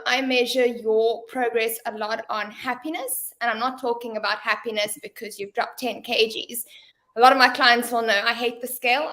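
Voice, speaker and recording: A woman's voice: on the high side, pushed and bright. A woman, a fitness coach, speaking upbeat and friendly about her coaching style, laughing easily. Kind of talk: panel talk.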